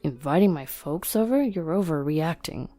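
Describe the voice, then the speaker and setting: A selfish young husband, bossy and petulant, his complaints low and mellow, as a woman narrator reads him. He whines in a dry, close voice with faint music behind. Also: animated, normal speed, no room sound. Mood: irritated.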